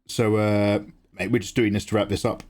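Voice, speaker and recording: Low-voiced chatty male art streamer. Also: flat delivery, moderate pace, a little mellow. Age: adult. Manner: chatty, teasing replies to chat, jumps up in pitch when greeting viewers. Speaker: livestream artist and host. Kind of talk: casual chat while drawing live.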